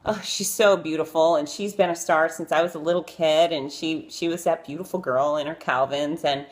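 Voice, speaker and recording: A woman vlogger casually telling stories about interviewing celebrities, chatty and self-deprecating, with many fillers. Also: moderate pace. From Florida. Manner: chatty and animated, acting out quotes in a high voice. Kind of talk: casual live-stream storytelling.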